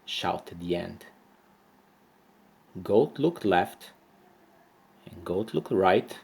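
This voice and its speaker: Expressive male storyteller, slow and lively. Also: mid-range voice, vocal fry, husky. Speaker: storyteller, teacher. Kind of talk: reading a children's story aloud.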